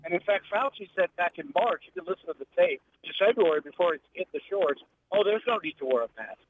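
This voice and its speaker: A man's voice: high-pitched, lively intonation, fast. A man calling in to a talk show, agitated and ranting, tripping over restarts. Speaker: caller. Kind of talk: phone-in call. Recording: tinny phone line with faint noise.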